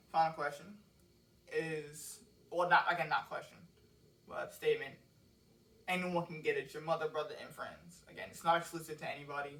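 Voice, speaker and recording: A man's voice: on the high side, fairly bright tone. Man, casual lyric breakdown, rambling, cursing, sits back from the mic, echoey room. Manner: loose, rambling, curses freely. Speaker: songwriter explaining his lyrics. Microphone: cheap microphone with laptop and phone. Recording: roomy echo, mic set far off.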